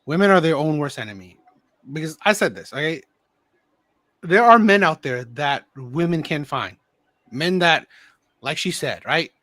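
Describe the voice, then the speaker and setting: A man's voice: a little high, expressive, measured pace, pauses often, a bit bright, no echo. A man hosting a call-in show, giving emphatic commentary and often repeating himself. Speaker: host.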